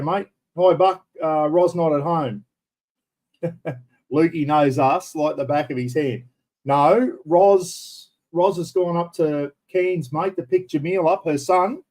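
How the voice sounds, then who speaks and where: The voice is high-pitched with a darkish tone: an older Australian man hosting a relaxed home live stream. He rambles and greets viewers by name, picked up in low quality by his computer's built-in mic.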